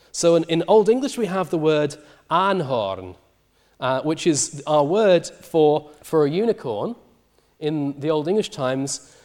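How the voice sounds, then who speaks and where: A man giving a university lecture in a lively, animated way, with frequent ums and uhs. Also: a little high. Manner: lively, many fillers. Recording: long hall reverb.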